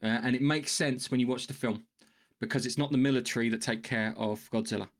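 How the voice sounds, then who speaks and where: A man co-hosting a casual podcast, talking excitedly with frequent restarts and swearing. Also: medium pitch, a little fast. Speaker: podcast co-host.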